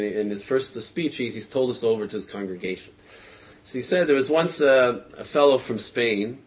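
A man telling a parable to a group in an animated storytelling talk, repeating words for effect. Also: mid-range voice.

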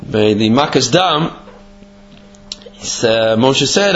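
Brief: man Torah teacher, conversational and lively, in a dull lo-fi recording. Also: a little high, unhurried. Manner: animated, conversational explaining. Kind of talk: Torah class with storytelling.

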